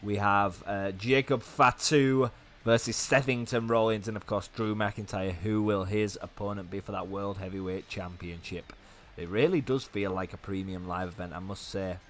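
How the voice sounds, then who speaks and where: A young man with a hoarse, fading voice, giving fast, chatty commentary on a wrestling video game. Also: fairly low pitch, steady tone. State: hoarse, losing his voice. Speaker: gaming YouTuber.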